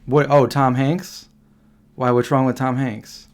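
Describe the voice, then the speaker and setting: Male streamer, mid-pitch, casual rambling talk, answers chat as he goes. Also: level tone. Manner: rambling, reacting to chat comments with quick questions. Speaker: livestream host answering chat.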